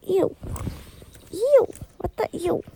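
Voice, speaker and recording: Brief: woman, high and mellow voice, unhurried, grumbly chat over faint noise. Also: lively intonation. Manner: fussing at a glitchy app with "ew"s. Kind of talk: casual chat.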